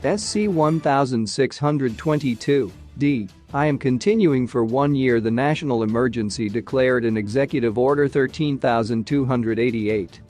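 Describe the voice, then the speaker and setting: A man reading a news bulletin in a steady, even, scripted way. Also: medium pitch, normal speed, hardly any pauses, soft background music. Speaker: news reader.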